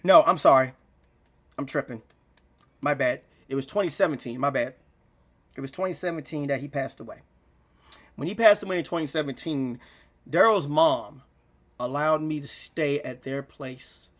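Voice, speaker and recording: Brief: young male vlogger, high voice, rambling heartfelt monologue, on the edge of tears. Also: normal speed, pauses often. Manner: rambling, repeats himself, slangy. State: near tears. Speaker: gaming channel vlogger. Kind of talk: emotional unscripted monologue.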